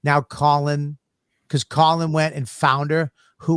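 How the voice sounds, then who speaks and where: A man's voice: fairly high pitch, level tone, unhurried, a bit bright, smooth, no room sound, clean studio sound. A man co-hosting a comedy podcast, telling stage stories in a blunt, profane way. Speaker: comedian co-host. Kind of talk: casual podcast banter.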